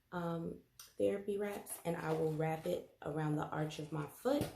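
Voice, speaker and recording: A woman talks through foot-pain exercises in an unhurried, low, mellow voice, chatty and apologetic, pausing with ums and restarts. She is recorded by a camera set back in a room with audible echo. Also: creaky, a little hiss or hum. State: out of breath. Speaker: health educator. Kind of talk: casual home demonstration.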